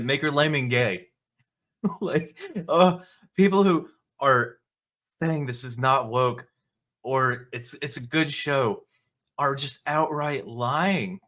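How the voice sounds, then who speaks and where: A man's voice: fairly high pitch, a bit bright. A man hosting a commentary vlog, ranting in an indignant, mocking tone and swearing freely. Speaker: video commentator.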